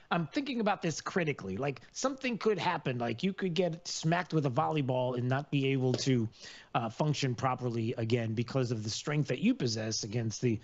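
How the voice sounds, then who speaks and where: Male talk radio host, rambling, sarcastic, many fillers and restarts, mid-pitched voice, slightly dull broadcast sound. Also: animated, normal speed. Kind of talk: political talk radio monologue.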